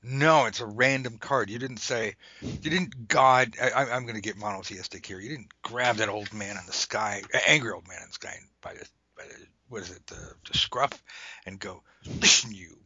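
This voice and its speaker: A man hosting a tarot lesson in casual chat, animated and irreverent, swearing and slipping into whispered asides. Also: lowish voice, normal speed, slightly rough, dry recording. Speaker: tarot teacher and podcast host. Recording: dull lo-fi recording.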